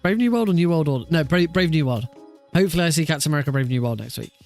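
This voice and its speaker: A man's voice: fairly high pitch, lively intonation, very fast, a little mellow, faint music behind. Laughing, swearing gamer man on stream. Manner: laughs often, swears, banters with chat. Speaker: speedrunner streamer. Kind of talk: casual live-stream chat.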